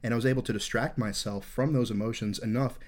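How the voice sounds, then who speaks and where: A man's voice: medium pitch, fairly even intonation, quick pace, darkish tone. A man in his thirties hosting a podcast, telling a rambling, candid war story full of swearing. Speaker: podcast host.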